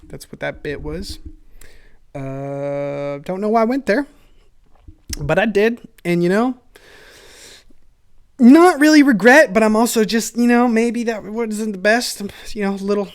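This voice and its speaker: A man's voice: high voice, a little slow, pauses often, clean tone. A young man hosting a solo podcast, talking in a chatty, self-mocking ramble and laughing often, recorded on a camera mic. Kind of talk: rambling casual monologue.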